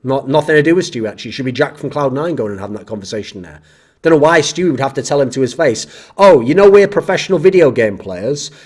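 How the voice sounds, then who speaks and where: A man's voice: mid-range voice, animated, very fast, slightly rough. A man hosting his own commentary, ranting sarcastically and with exasperation about viewer comments, swearing freely. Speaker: esports commentator and channel host.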